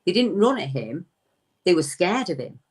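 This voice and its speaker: A woman's voice: lowish voice, very animated, moderate pace, darkish tone, husky. A woman from the United Kingdom, a guest recounting a witness's encounter in conversational storytelling, acting out the quoted words of the people in her tale.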